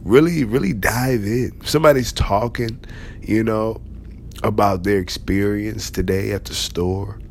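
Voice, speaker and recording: A man's voice: fairly low pitch, measured pace, a little hiss or hum. A man giving a conversational motivational talk to leaders, emphatic and repeating key phrases. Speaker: motivational speaker.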